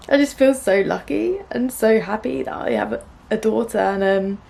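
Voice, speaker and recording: A young woman chatting gently to the camera about her sewing, full of fillers and soft laughs. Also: mid-range voice, animated, unhurried, gravelly, pauses often, slight background noise. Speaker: sewing vlogger. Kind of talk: casual chat to camera. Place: small room at home.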